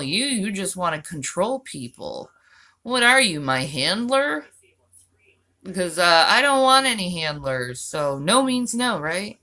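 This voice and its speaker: Woman vlogger answering comments, sarcastic and mocking, with an unhurried, pointed delivery. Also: lowish voice, bright, forceful tone. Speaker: channel host. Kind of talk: vlog reacting to viewer comments.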